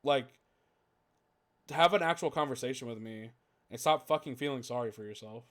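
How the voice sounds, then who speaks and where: A man's voice: medium pitch, brisk, a bit bright. A man hosting a casual podcast, ranting heatedly with lots of swearing and "like" fillers. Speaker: podcast host.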